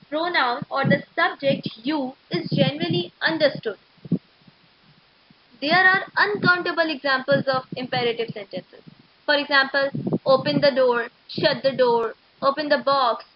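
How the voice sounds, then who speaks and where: A woman teaching an English grammar lesson to schoolchildren, explaining slowly and methodically. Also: high voice. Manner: slow, explanatory, steady and methodical. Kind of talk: recorded classroom lecture. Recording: dull lo-fi recording.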